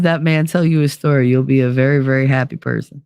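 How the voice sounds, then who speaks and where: A sleepless, frazzled woman from New Jersey hosts a loose livestream, chatting with viewers and swearing freely. Her voice has a rough, gravelly edge. The sound is dry and close, with no room around it. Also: low-pitched, moderate pace, few pauses, a little mellow, no echo. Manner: rambling, profane, reads chat aloud. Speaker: livestream host. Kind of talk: casual livestream chat.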